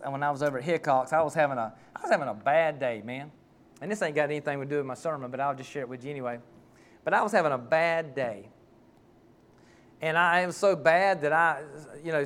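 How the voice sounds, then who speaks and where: A man's voice: a little high, fairly bright tone. A man, a pastor preaching a sermon and telling heartfelt, folksy stories.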